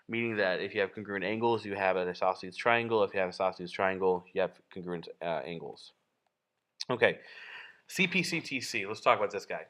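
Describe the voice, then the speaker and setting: This math teacher has a lowish, fairly bright voice. He draws while teaching geometry, explaining casually, with plenty of fillers and self-corrections.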